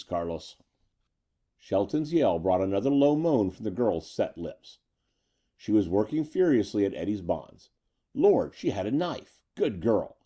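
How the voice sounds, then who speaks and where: A man narrating a pulp story in an expressive, dramatic reading. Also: lowish voice. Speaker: audiobook narrator.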